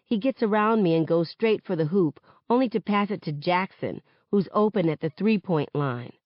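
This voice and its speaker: Expressive woman reading a novel. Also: on the low side, normal speed, no echo, lo-fi sound. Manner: expressive first-person narration. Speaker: reader of a novel. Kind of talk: audiobook-style novel reading.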